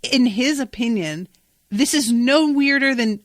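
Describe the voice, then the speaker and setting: A woman's voice: a little high, a little slow, no echo, clean studio sound. A woman hosting a podcast, recapping an episode in casual, enthusiastic, emphatic chat with some swearing. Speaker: podcast host.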